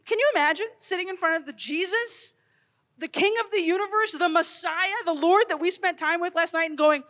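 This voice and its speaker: A woman in her thirties speaks to young people in a storytelling way, building up loud and then dropping to a hush. Her voice sits high, and a long reverb trails behind her from a large hall. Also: a little fast. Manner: expressive, storytelling, swings from loud to hushed. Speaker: speaker at youth conference. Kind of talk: animated Catholic youth talk.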